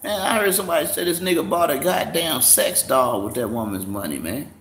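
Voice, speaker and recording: A man's voice: on the high side, expressive, brisk, gravelly, a bit bright. A man hosting a casual livestream, profane and mocking, laughing often. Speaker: livestream host. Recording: echoey room, faint background noise.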